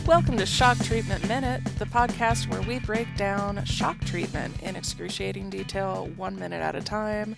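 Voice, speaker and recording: Gravelly giggly woman podcast co-host. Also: mid-range voice, steady tone, normal speed, hardly any pauses, loud music behind the voice. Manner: giggly, self-mocking, trips over words. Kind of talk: casual podcast chat.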